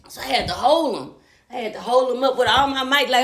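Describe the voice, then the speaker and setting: A young woman telling a personal story live, animated and profane. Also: high voice, moderate pace, roomy sound. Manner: animated, profane, acts out quotes. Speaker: storyteller host.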